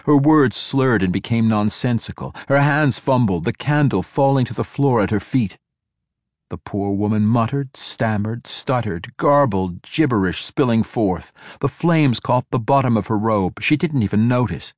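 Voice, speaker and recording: A man narrating a fantasy audiobook in a measured, even storytelling manner. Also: lowish voice, no echo, clean studio sound.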